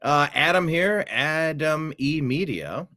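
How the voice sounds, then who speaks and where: Male commentary host, animated pitch, emphatic and mocking. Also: slow pace. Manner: emphatic, sarcastic, repeats words for effect. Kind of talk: political commentary show.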